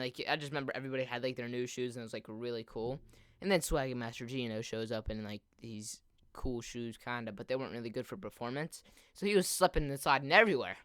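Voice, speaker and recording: A teenage boy hosting a gaming video rambles through a long story while he plays, packing "like" into nearly every phrase. His male voice is mid-range, bright, forceful, clear, and resonant. The sound is clean studio quality with no echo.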